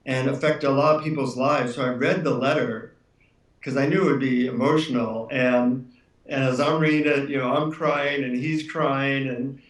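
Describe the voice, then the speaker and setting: A man's voice: mid-range voice, fairly even intonation, moderate pace, recorded from a distance. A middle-aged man, a self-help author being interviewed, telling a personal story in an earnest, reflective way. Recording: roomy, off-mic sound.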